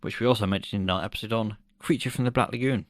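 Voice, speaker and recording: Man, podcast co-host, low voice, dry close sound, jokey, swears casually. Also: rapid-fire, dry recording. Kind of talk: casual film review chat.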